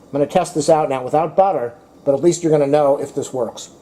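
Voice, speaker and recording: A man's voice: on the high side, fast, mellow. A man chatting to his viewers in a casual home cooking vlog, talking to his dog between bites. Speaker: cooking vlogger.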